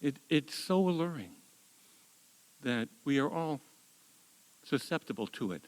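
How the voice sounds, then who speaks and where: A man in his seventies from the United States telling a true story on stage at a live story slam, wry and animated, often repeating words as he goes. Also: fairly high pitch, a little slow, big-room sound, rough recording. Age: 70s.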